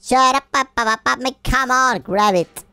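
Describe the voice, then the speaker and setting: A woman playing a video game and commenting, excitable and self-mocking, often yelling at the game. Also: high-pitched, normal speed, clean tone, no echo. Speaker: gameplay commentator.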